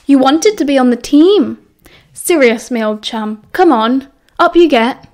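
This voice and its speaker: A woman's voice: high voice, expressive, a little mellow. A woman doing a bossy cheerful British schoolboy. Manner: brisk, chivvying. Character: cheerful bossy teenage schoolboy team captain.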